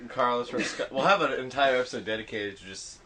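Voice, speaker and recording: A man's voice: mid-range voice, quick pace, crowd noise. A man co-hosting a casual podcast, tossing out blunt joking quips. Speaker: podcast co-host.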